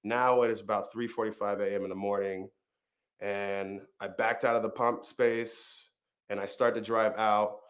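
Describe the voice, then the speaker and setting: A man, a comedian and storyteller, telling a personal story and then chatting casually in an interview. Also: lowish voice. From Arizona. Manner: vivid storyteller, acts out the people he quotes.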